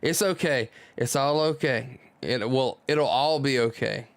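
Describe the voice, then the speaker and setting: A man reading the lines of a gentle, grieving father comforting his son in a manga, in his own voice. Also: medium pitch, measured pace, gravelly, no echo. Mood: tender.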